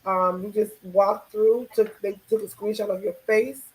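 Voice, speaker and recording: A woman's voice: medium pitch, normal speed, poor audio. A woman on a talk show chatting casually about a trip, with a voice she says is going. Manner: chatty, lively storyteller. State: losing her voice. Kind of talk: casual chat.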